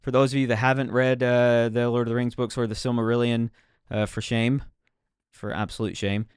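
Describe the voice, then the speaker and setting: Smooth-voiced man chatting through a game stream. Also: medium pitch, flat delivery, normal speed, no echo, clean studio sound. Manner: chatty, self-mocking, talks to himself while playing. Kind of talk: casual gameplay commentary.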